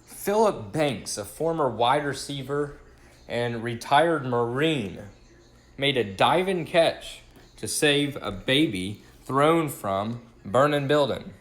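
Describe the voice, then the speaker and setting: A man reading meme captions aloud in a flat, deliberate way. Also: medium pitch.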